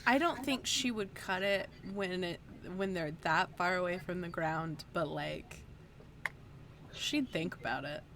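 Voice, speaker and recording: Woman, player, low voice, hesitant, fillers, faint noise. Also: unhurried, fairly bright tone. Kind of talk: casual tabletop play.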